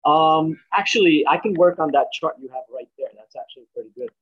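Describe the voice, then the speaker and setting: A man's voice: on the high side, animated, brisk, husky. A man joining a trading class on a video call, speaking hesitantly with many ums. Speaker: class participant. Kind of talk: casual chat on a video call. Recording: dull, lo-fi call audio.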